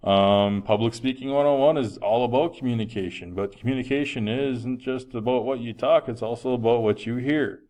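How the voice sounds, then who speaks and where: A man's voice: medium pitch, normal speed, hardly any pauses, a little mellow. Man lecturing a health class. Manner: conversational, frequent um fillers, projecting voice. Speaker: health teacher.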